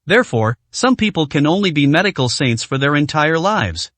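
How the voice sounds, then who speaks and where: A man narrating an audiobook story in an animated storytelling manner. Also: fairly high pitch, moderate pace, dry recording.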